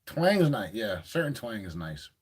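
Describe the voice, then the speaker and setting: A man chatting casually on a livestream, telling stories in a gruff, joking, profane way. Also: fairly low pitch, sing-song, measured pace.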